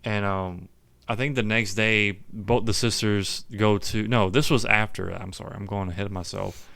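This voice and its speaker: A man co-hosting a podcast, retelling film scenes in a relaxed, casual way, tossing in quips and correcting himself. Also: lowish voice, moderate pace, creaky, no room sound. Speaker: podcast co-host. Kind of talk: casual film recap chat.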